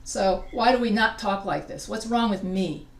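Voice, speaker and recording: A female writing instructor leads a live grammar lesson, patiently explaining step by step and quizzing students over a loud crowd. Her voice is mid-range at normal speed, recorded from a distance in a roomy, echoey classroom.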